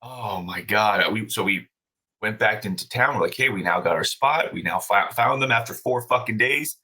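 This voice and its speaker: A man telling a story on a podcast as the guest, animated and casual, swearing freely with many fillers and restarts. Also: on the low side, normal speed, husky, low-quality recording. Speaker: podcast guest, brewery owner.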